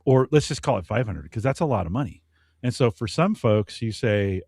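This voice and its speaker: A man's voice: medium pitch, big pitch swings, fairly quick, a little mellow, breathy edge, no echo, clean studio sound. A middle-aged man co-hosting a podcast, breaking in to explain a point at length. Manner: explanatory, jumps in to make a point. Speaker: podcast co-host. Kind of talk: casual podcast chat.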